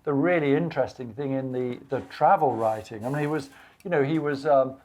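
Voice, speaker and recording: A man's voice: mid-range voice, fairly quick, a little mellow. A man talking about books at a live bookshop event, rambling with many fillers, restarts and quoted asides. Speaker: guest author. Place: bookshop event before an audience.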